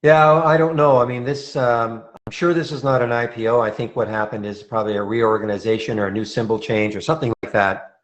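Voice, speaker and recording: A man's voice: medium pitch, fairly even intonation, fairly quick, highs cut off. A man hosting a live trading room, commenting on stock charts in a casual, thinking-aloud way with frequent restarts.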